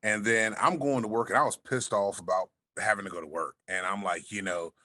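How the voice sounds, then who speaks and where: A man with a deep, smooth voice, chatting as a podcast guest and telling a laid-back story, swearing freely. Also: fairly even intonation, fairly quick, sharp tone, no echo, studio quality. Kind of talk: casual chat.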